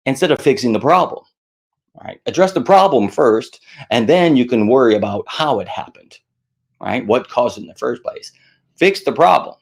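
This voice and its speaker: A middle-aged man gives friendly advice on worry and stress, his voice gravelly and rising and falling with lively swings. He acts out anxious inner voices in a higher pitch and slips in self-mocking asides. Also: brisk. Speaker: stress management speaker. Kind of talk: casual advice talk to camera.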